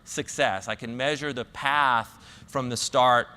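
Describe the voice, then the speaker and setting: A man's voice: mid-range voice, fairly even intonation, measured pace, bright, forceful tone, smooth. Southern man giving a talk in a big hall. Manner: storytelling, restarts and fillers. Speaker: conference speaker. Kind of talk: conference talk.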